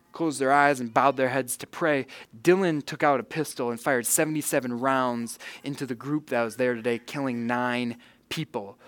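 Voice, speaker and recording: A man's voice: mid-range voice, no echo. Earnest male preacher, dry close sound. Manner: earnest preaching, swells loud on emphasis then drops soft. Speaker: pastor. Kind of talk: sermon.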